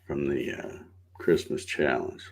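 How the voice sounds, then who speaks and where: Middle-aged guy, really low voice, laid-back folksy livestream host chatting and saying hi to everybody. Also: takes it slowly, vocal fry. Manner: greets viewers by name in a relaxed, folksy drawl. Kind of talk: casual morning livestream chat.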